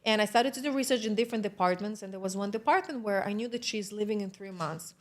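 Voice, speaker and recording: An Israeli woman with an Israeli accent and non-native grammar tells a story as a podcast guest, talking fast at a medium pitch. The conversation is casual, and she acts out the dialogue.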